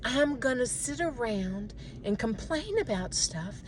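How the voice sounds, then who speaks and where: A middle-aged woman in a casual self-reflective monologue, animated and talking to herself. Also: on the high side, slow pace, slight background noise. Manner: animated, talks to herself, mimics others' voices. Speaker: vlogger.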